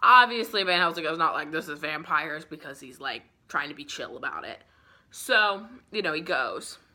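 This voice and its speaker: Tipsy twenty-something girl retelling a book, swears a lot, says like every other word, bright forceful tone, lowish voice. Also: sing-song, normal speed. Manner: rambling, profane, heavy use of "like". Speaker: book vlogger. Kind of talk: casual book summary.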